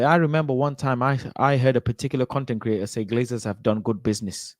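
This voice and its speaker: A man in casual football chat, ranting in a slow, indignant, emphatic way. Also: medium pitch, steady tone, no echo.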